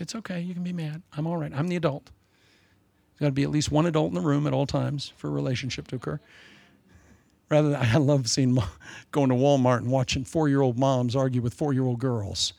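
An older man preaching a sermon in a folksy, humorous way, swinging between loud emphasis and soft asides. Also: mid-range voice, creaky, no echo.

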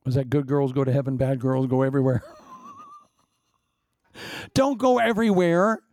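Middle-aged guy preaching, gravelly mellow voice, cracks jokes and laughs as he goes. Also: medium pitch, measured pace, no echo, clean studio sound. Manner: joking, conversational, with laughing asides. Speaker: pastor. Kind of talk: sermon.

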